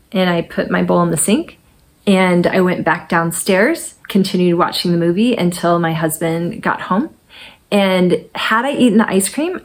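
A woman in her forties, a mental fitness coach, telling a candid personal story in a conversational way with casual fillers. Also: on the low side. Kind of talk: personal testimonial talk.

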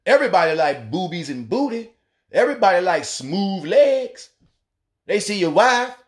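A man's voice: high voice, big pitch swings, moderate pace. A man hosting a radio talk show, delivering a profane, preachy rant with mocking rhetorical questions. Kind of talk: casual monologue rant.

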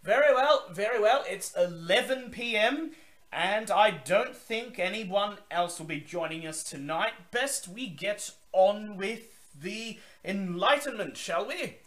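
A man's voice: sits high, lively intonation, slow pace, a bit bright, voice pushed up, exaggerated voice. A man voicing a grandiose, zealous male vampire elder who declaims to a gathering. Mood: grand, welcoming. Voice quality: theatrical, declaiming.

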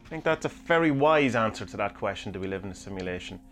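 Man, low voice, podcast host, rambling and musing, faint music behind. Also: lively intonation, fast talker, a bit bright. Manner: musing, rambling, many hesitations and restarts. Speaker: podcast host answering listener questions. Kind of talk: casual chat reading omens from books.

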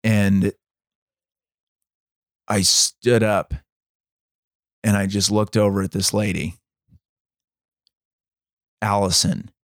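A man co-hosting a podcast, telling a story in a measured, dramatic way. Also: lowish voice, flat delivery, no echo, studio quality. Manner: measured, dramatic storytelling, acts out quoted voices. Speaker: podcast co-host. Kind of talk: storytelling in casual chat.

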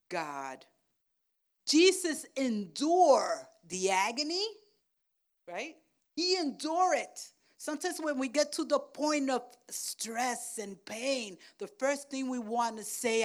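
Slow, dynamic woman preaching a sermon. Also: high voice, sing-song. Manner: call-and-response preaching, many "Amen?" and "right?" checks; dynamic, swings from soft to loud. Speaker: pastor.

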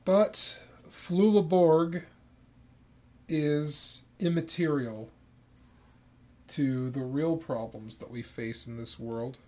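A man's voice: fairly high pitch, slow pace, pauses often, darkish tone. A man co-hosting a casual chat, profane and given to mock-outraged rants. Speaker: podcast co-host.

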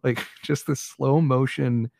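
A man with a gravelly, fry-edged voice chats casually as a film-review co-host. He rambles wryly and restarts his sentences often. The recording is dry and close. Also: medium pitch, fairly even intonation, takes it slowly, a little mellow, dry recording. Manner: rambling, hesitant restarts, wry. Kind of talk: casual chat.

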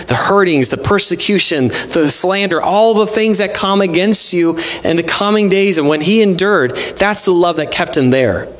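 A man's voice: a little high, fairly bright tone. A man preaching an informal sermon, acting out conversations with God with lots of casual fillers. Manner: informal, acts out dialogue with God in his own voice; frequent fillers like "like" and "you know". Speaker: pastor.

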